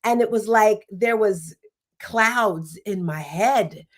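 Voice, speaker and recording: A woman hosting a motivational livestream, chatty and animated, often asking her viewers "right?" and speaking straight to them. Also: medium pitch, slow. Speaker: livestream host.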